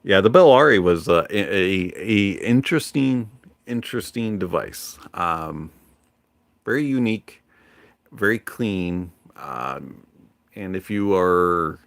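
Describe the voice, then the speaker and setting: Low gravelly man in a relaxed ramble. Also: slow, no room sound. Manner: relaxed, rambling, with many fillers. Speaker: livestream host. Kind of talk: casual livestream chat.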